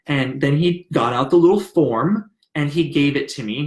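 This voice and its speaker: A man's voice: a little high, normal speed, hardly any pauses, echoey room. A young man from the American South, telling a personal story in an earnest, emotional, rambling way. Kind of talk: personal story, casual retelling.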